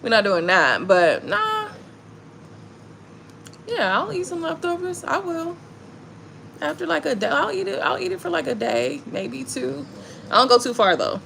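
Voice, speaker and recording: A woman's voice: fairly high pitch, gravelly, slight background noise. A woman, chatting casually to viewers on a live stream, telling stories with lots of swearing and laughter. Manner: animated storytelling, swearing, frequent laughter. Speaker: tarot reader hosting a live stream.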